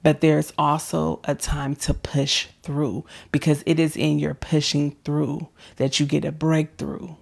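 A woman's voice: deep voice, level tone, unhurried, creaky, few pauses, a little mellow. A woman preaching a motivational sermon and leading a prayer, fervent and exhorting, sometimes dropping to an intimate whisper. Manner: calls listeners "baby", leads them in prayer.

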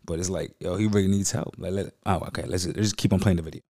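A man's voice: sits low, fairly even intonation, quick pace, mellow. A man hosting a podcast, reacting to clips in casual, slangy, profane talk. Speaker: podcast host.

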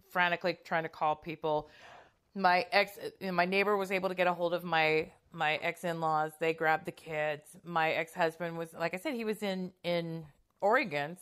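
A middle-aged woman with a fairly low voice recounts a personal story in casual talk. She is blunt and swears freely, and she acts out the lines of other people in the story. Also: a bit bright, smooth. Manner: candid, swears freely, acts out quotes with raised pitch.

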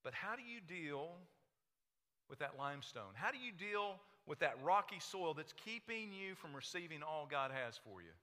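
Male pastor, sermon delivery; bright tone, slightly high-pitched, swings from hushed to loud. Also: big pitch swings, moderate pace. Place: church sanctuary. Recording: echoey hall reverb.

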